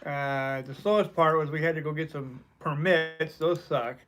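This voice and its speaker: Man, from the US, webcast co-host, easygoing, agreeable, fairly high pitch. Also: over music. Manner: easygoing, quick agreeing replies. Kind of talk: casual live webcast chat.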